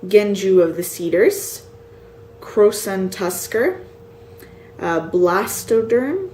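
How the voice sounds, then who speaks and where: Tired woman slowly reading card names. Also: medium pitch, animated, warm tone. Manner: reads card names slowly, unsure of pronunciations. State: tired, yawning. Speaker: card collector showing a set. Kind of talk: casual show-and-tell. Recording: echoey room with faint ambient noise.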